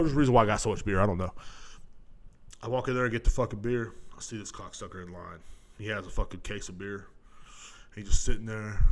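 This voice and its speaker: A man, telling a profane story on his podcast and swinging between loud outbursts and low muttering. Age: 30s. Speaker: podcast host. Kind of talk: casual storytelling monologue.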